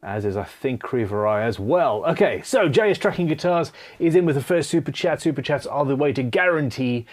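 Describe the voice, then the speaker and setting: A man's voice: mid-range voice, expressive, a little fast, few pauses. A man hosting a casual live stream Q&A from his home studio. He reads viewer comments aloud in a chatty, self-deprecating way. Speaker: live stream host and guitar builder.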